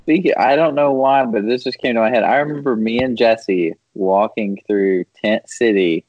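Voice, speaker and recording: Rambling storyteller host, dry muffled sound. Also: male voice, mid-range voice, moderate pace, dry recording. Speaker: podcast host. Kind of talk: casual podcast storytelling.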